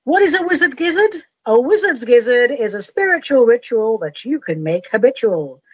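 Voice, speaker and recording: A woman's voice: a little high, big pitch swings, normal speed, slightly rough, dry recording. A woman hosting a podcast, chatting playfully and reading her own silly poetry aloud in a self-mocking way. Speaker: podcast host. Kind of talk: casual chat and comic poetry reading.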